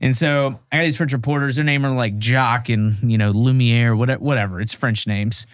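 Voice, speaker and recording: A man's voice: mid-range voice, steady tone, normal speed, clear, resonant tone, no room sound, clean studio sound. A man, a Marine veteran, telling a war story in a casual interview and acting out the quotes.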